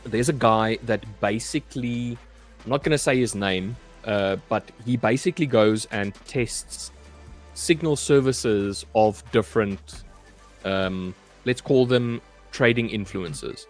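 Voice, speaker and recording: A man co-hosting a live trading stream, talking in a measured, thoughtful way in casual chat. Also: fairly low pitch, faint music behind.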